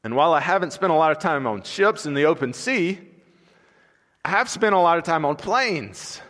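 With a bit of brightness and lively intonation, this pastor's voice runs on the high side at a moderate pace. He preaches an expository sermon conversationally in a church sanctuary, weaving in stories and acted asides, and the large hall adds long reverb.

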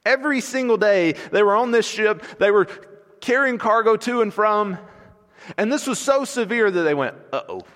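Man preaching, high-pitched voice, conversational storytelling, long hall reverb in a church. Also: expressive, normal speed, a bit bright. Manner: conversational storytelling with acted asides. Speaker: pastor. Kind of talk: expository sermon.

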